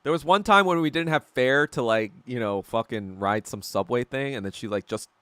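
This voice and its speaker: Eating as he talks on a casual livestream, a young man hosting a podcast rambles through stories, cracking up often and swearing a lot. His voice is mid-range and fairly bright, at a normal speed, with no echo.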